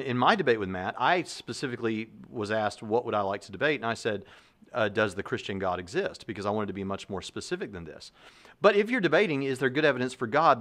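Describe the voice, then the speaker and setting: A man whose voice sits on the low side, with a bit of brightness, hosts a Christian apologetics video. He talks casually to the camera, thinking out loud, restarting sentences and using plenty of fillers.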